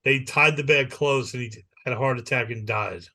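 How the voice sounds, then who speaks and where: A man's voice: medium pitch, moderate pace. A man co-hosting a podcast in casual chat, telling a long rambling story and acting out the people in it. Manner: rambling animated storyteller who acts out the people he quotes. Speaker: podcast co-host.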